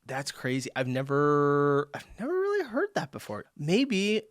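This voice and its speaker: An American man hosting a reaction video, chatting casually with animated, joking asides. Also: a little high, unhurried, no echo, clean studio sound. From United States.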